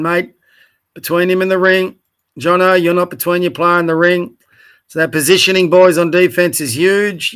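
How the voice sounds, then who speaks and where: A high-voiced man goes over a youth basketball game late at night, tired but still keen. His bright tone stays direct as he corrects mistakes and praises good plays by name. It sounds like a casual coaching review. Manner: direct, corrective, encouraging, addresses players by name. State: tired, yawning. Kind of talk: casual video review commentary.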